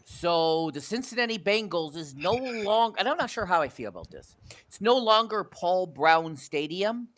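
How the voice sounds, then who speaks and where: A man's voice: high-pitched, big pitch swings, normal speed, a bit bright. A Canadian man hosting a sports podcast, telling stories in a rambling way with many fillers and restarts. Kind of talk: casual sports chat.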